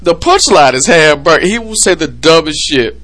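A man hosting a casual podcast chat, excitable and prone to loud laughing outbursts. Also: fairly high pitch, moderate pace. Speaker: podcast host.

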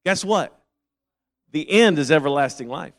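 A man preaching a sermon, reading and quoting scripture and repeating phrases, moving from quiet reasoning to loud, fervent calls. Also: fairly high pitch, lively intonation, unhurried.

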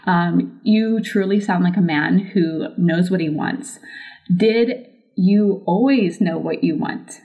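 Bubbly, lower-voiced woman podcast host. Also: slow, dark tone, highs cut off. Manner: bubbly, effusive, laughs often. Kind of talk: casual podcast interview.

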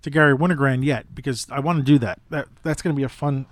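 A man's voice: medium pitch, steady tone, fast talker, dry recording. A man hosting a podcast, talking casually about a photo book, musing and rambling with restarts. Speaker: podcast host.

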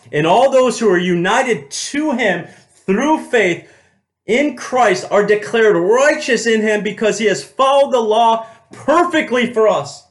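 A man's voice: sits high, a bit bright, reverberant. A male pastor preaching a sermon, emphatic, repeating key phrases and calling out to the congregation as "church". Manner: slows right down to stress quoted words.

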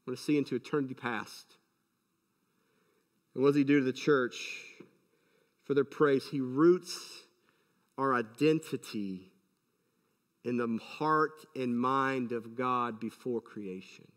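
A man's voice: medium pitch, takes it slowly, pauses often, in a large hall. A man preaching a sermon as a pastor, emphatic and full of rhetorical questions.

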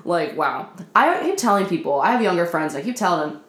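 A woman's voice: on the low side, very animated, fairly quick, few pauses, fairly bright tone, roomy sound. Tired, foul-mouthed woman in her twenties. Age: 20s. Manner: profane, self-deprecating, laughs often. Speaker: vlogger. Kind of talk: casual confessional rant. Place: apartment.

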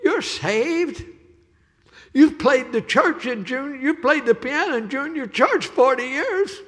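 A man's voice: very high voice, animated, slow, fairly bright tone, big-room sound, voice pushed up, full character voice. A man voicing a pastor who earnestly and insistently reassures an old woman.

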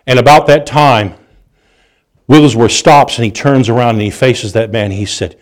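A man preaching a sermon, telling stories with animated delivery, restarts and chuckles. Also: medium pitch, a little fast.

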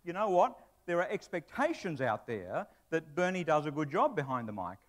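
A man's voice: on the high side, big pitch swings, moderate pace. A man preaching a sermon to his church in a conversational way, with asides and humor. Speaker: pastor; broadcast presenter.

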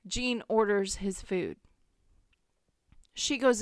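Bright, crisp-voiced woman podcast co-host. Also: medium pitch, a little slow, no room sound, studio quality. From Kansas. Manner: playful, laughing storyteller. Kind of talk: casual chat.

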